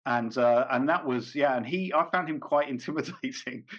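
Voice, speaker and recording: A man's voice: medium pitch, normal speed, fairly bright tone. Man rambling with fillers, dull lo-fi audio. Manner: rambling, hesitant, frequent fillers and self-corrections, laughs often. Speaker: interview guest, comedian and actor. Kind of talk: casual interview chat. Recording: dull lo-fi recording.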